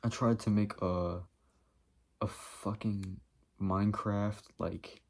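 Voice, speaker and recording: A man's voice: on the low side, steady tone, slow, creaky, a little hiss or hum. A man vlogging in a rambling comedic monologue, profane and jumping from topic to topic.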